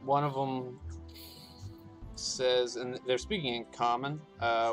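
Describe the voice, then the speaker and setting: Man, game master, slow delivery, halting, filler words. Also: medium pitch, level tone, faint music behind. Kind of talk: narrating a tabletop game.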